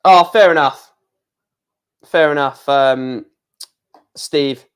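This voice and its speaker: Brief: slightly high-voiced man, YouTube reaction host, live football commentary, chatty with fillers and sudden shouts. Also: drawn-out words, smooth. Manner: running play-by-play with fillers, bursts into shouting at chances and goals.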